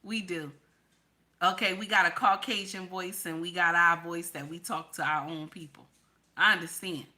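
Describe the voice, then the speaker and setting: A woman from the New talks straight to her viewers, with a bright, forceful tone. She is blunt and emphatic, and she hammers her points home by saying them again and again. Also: fairly low pitch, fairly even intonation, normal speed, rough recording. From New York / New Jersey area. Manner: blunt, emphatic, repeats lines for stress. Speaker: online commentator. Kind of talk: casual political commentary vlog.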